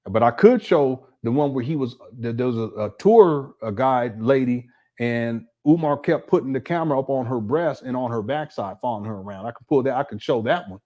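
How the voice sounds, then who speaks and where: An indignant man hosts a reaction commentary, breaking down video clips and talking straight to his viewers. His voice sits at an ordinary mid pitch. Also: animated, brisk, hardly any pauses, mellow. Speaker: commentary channel host.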